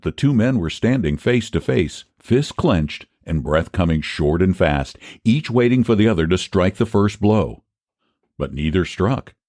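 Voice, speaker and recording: A man narrating a classic short story as an audiobook, in an expressive storytelling manner. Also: dry recording, clean studio sound. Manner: expressive storytelling, low even narration between character lines.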